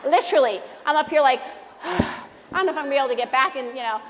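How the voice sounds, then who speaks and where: A woman's voice: high-pitched, racing, a little hiss or hum. A woman speaking to a church ladies' meeting in a chatty, self-deprecating devotional talk, joking with her audience. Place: church sanctuary. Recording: long reverb of a large hall.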